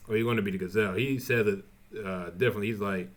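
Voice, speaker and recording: A man's voice: lowish voice, steady tone. Man rambling through a show recap. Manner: rambling, halting, with many restarts and fillers. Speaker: TV show reviewer. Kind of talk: casual spoiler recap.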